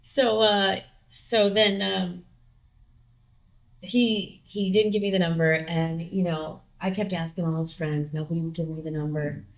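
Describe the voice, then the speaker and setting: A woman with a voice on the low side for her sex tells a personal story to a host. She is animated and acts out the voices of the people in it. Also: a little slow. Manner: animated, acts out quoted dialogue. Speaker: podcast guest; singer with a record contract.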